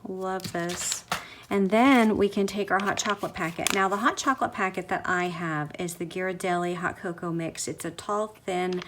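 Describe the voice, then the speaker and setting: A woman with a mid-range voice leads a chatty, step-by-step paper craft tutorial as a demonstrator, often raving about how cute it turns out. There is slight background noise.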